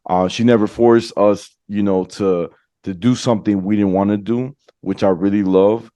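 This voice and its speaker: A man's voice: lowish voice, fairly even intonation, normal speed, mellow, no echo. A man hosting a podcast, talking casually and slangily, often adding "you know what I'm saying". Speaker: podcast host. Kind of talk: casual chat.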